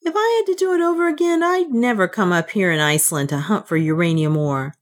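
A woman's voice: mid-range voice, fairly quick, natural voice. A woman voicing a nervous young male worker in a storybook reading.

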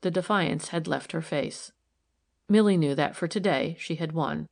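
Calm lower-voiced woman narrator. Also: moderate pace, creaky. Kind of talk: audiobook narration.

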